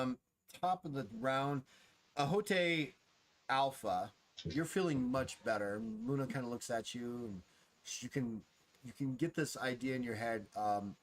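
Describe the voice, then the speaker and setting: A man runs a tabletop role-playing session as game master. He narrates in a rambling, playful way, often restarting his sentences, in an ordinary middle pitch.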